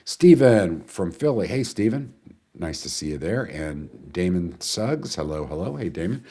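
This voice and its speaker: Deep-voiced man hosting a webinar. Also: sing-song, a little slow, dark tone, husky. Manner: chatty, rambling, greets viewers and answers chat questions. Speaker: webinar host. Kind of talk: casual live webinar talk.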